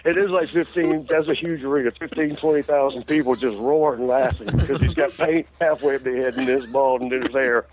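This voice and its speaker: A middle-aged man with a twang tells a backstage story in a loose, rambling way, laughing as he goes and restarting his sentences. His voice sits at an everyday pitch, and the audio sounds dull and lo-fi, like an old radio show. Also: steady tone, fairly quick, few pauses, background noise. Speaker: interview guest, former wrestler. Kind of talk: casual storytelling.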